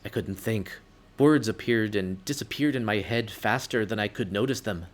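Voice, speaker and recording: A man reading a story game aloud in the first person, expressive with sudden outbursts. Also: on the low side, moderate pace.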